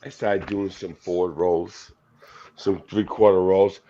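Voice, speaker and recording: A man co-hosting a casual show, rambling through jokey stories with a gravelly voice. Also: sits low, flat delivery, unhurried, mellow, dull audio, slight background noise. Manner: rambling, jokey storyteller, yelps in mock pain. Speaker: podcast co-host. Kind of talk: joking casual banter.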